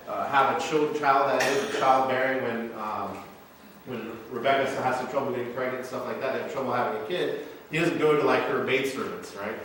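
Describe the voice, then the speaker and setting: A Midwestern American man in his thirties, a pastor preaching a sermon and retelling a movie scene with lively, animated storytelling. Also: mid-range voice, slight background noise. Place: church sanctuary. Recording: echoey church sanctuary, mic at a distance.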